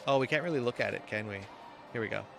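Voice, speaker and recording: Guy rambling over his gameplay, mid-pitched voice, faint game music behind. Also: quick pace, creaky. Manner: chatty, easily amused, wanders between thoughts. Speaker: game streamer. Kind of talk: casual gameplay commentary.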